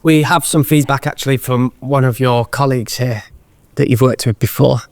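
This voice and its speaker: A co-host reading out mock-official statements in a brisk way during a comedic interview bit. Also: mid-range voice, steady tone, a little mellow, dry recording.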